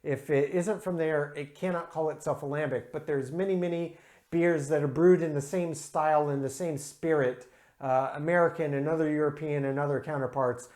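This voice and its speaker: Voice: medium pitch, steady tone, moderate pace, a little mellow. A host reviewing craft beer in a casual talk to camera, enthusiastic and methodical, scoring each category aloud with frequent "uh" and "um" fillers.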